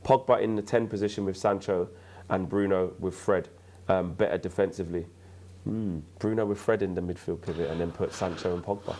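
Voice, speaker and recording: A man hosting a casual football chat, relaxed and thinking aloud with frequent restarts. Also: low-pitched, fairly quick. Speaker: host.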